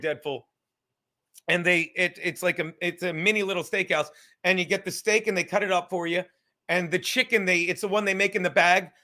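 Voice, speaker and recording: A man hosting a livestream podcast, rambling loudly and swearing as he reads chat comments. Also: high voice. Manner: loud, rambling, profane, reading chat comments aloud. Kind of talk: casual chat.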